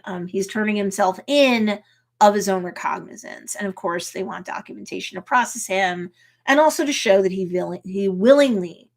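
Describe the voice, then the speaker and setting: A woman attorney casually recapping and commenting on a TV episode, chatty and lively, acting out characters' lines. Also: mid-range voice, creaky. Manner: lively storyteller who acts out characters' lines; chatty, with frequent um and you know. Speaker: attorney reacting to a TV series.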